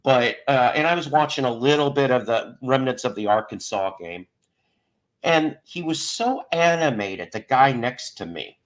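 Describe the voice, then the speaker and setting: A middle-aged man hosting a live show, talking in a loose, rambling way and often stumbling over his own words. His voice sits at an ordinary pitch, and he tells his stories casually. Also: animated, moderate pace. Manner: rambling storyteller with frequent restarts. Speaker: host of a live stream show. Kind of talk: casual chat.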